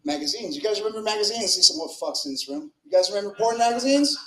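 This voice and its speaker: A man's voice: sits high, expressive, racing, fairly bright tone. A man doing a crude, rambling open mic stand-up set in a comedy club, speaking into a stage mic with filler words and swings in volume. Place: comedy club with live audience. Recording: roomy club echo.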